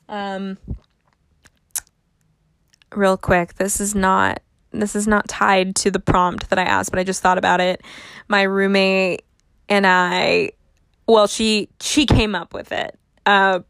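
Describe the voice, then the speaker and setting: Slow, rambling young woman podcaster. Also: mid-range voice, fairly bright tone, no room sound, clean studio sound. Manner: rambling, self-mocking humor. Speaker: podcast host. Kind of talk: casual solo podcast chat.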